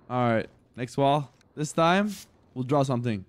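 A man streaming himself playing video games, giving excitable commentary that breaks into shouts and laughter. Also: medium pitch, a little slow, a little hiss or hum. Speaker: gaming streamer. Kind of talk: live-streamed gameplay commentary.

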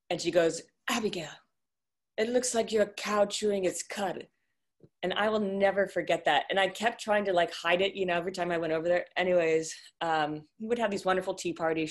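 A young woman on a video call shares memories of her grandmother in halting, emotional speech with many fillers, then reads a eulogy she wrote. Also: fairly low pitch. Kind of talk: casual remarks and reading a eulogy.

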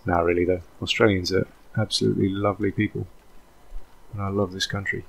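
A man giving casual, thinking-aloud commentary while playing a video game, drifting into relaxed, rambling asides. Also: low voice, fairly quick, vocal fry. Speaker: let's play host.

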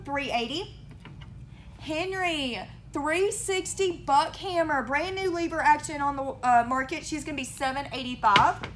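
High-voiced woman reading prices. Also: a bit bright, a little hiss or hum. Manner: chatty, drawling, lists prices quickly. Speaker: gun store host. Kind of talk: casual product rundown. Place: gun shop.

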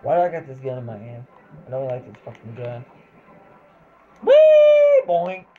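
A gameplay commentator talking casually over a match, excitable, exclaiming and swearing at the game. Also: mid-range voice, fast talker, phone-quality sound.

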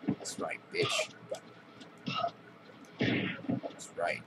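Young dude cussing at enemies while he plays, slow drawl, noisy recording. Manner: profane trash talk. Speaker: gameplay commentator. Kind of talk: casual gameplay commentary.

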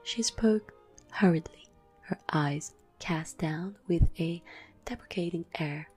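Breathy whispering woman reading a story. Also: on the low side. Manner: slow, hushed, evenly paced reading. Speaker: ASMR storyteller. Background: soft classical music.

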